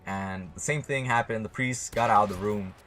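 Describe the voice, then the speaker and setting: Low-voiced young man, rambling and profane. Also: normal speed, a bit bright, faint music behind. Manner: rambling, swears a lot, blunt. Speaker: vlogger. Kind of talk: casual storytelling to camera.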